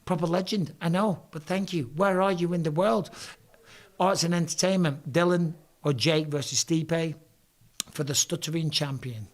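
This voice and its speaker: A man with a hoarse, strained voice runs a casual live stream. He reads viewer comments aloud and answers them with cheeky banter and casual swearing, and his pitch sits slightly high for a man. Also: normal speed. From England.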